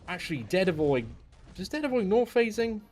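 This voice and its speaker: A man's voice: sits high, big pitch swings, quick pace, darkish tone, faint music behind. A man casually commenting on a game he is playing live, chatty and self-deprecating. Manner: chatty, self-deprecating, says mate and dude a lot. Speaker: game streamer.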